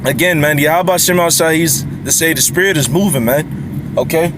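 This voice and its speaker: A man giving an informal sermon to the camera. He talks in a casual, repetitive way, ends his lines with "man" and "okay?", and reads scripture aloud slowly between his remarks. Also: a little high, noisy background. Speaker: lay preacher.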